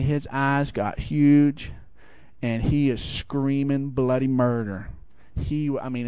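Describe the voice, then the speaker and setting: A middle-aged man preaching a sermon, telling a lively personal story and swinging high for the quoted voices. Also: clean tone, no room sound. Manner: animated storytelling, rising high for acted quotes. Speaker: pastor.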